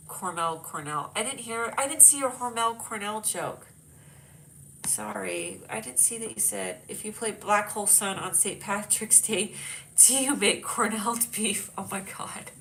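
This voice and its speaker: A woman's voice: mid-range voice, lively intonation, normal speed, gravelly, fairly bright tone, slight background noise, low-quality recording. Chatty woman with a stuffed-up nose. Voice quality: whiny. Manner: chatty, jokey, reads chat aloud. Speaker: livestream host. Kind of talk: casual live-stream chat.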